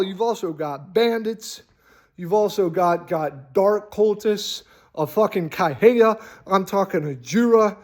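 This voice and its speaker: A man hosting a casual, rambling talk on tabletop role-playing, animated and full of swearing. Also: high-pitched, a little slow. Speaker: host.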